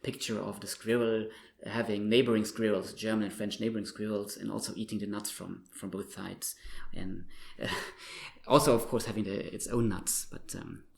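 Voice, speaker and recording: A male linguistics researcher explaining his ideas thoughtfully in an interview, pausing with frequent fillers. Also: lowish voice, little pitch movement, creaky, darkish tone. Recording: roomy echo.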